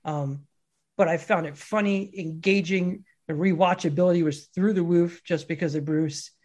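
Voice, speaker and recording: A man co-hosting a casual film chat, telling stories in an animated way and laughing often. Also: a little high, moderate pace. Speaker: podcast co-host.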